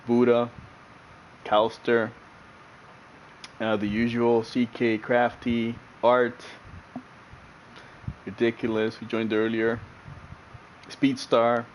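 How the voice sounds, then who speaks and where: A man's voice: medium pitch, slight background noise, rough recording. A man streaming sim racing, chatting casually with his viewers, laughing often and repeating himself as he talks.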